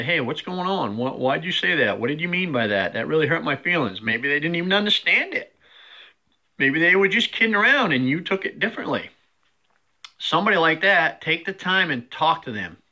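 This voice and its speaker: Guy with a bright kinda high voice doing a folksy motivational talk, lots of rhetorical questions. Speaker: host.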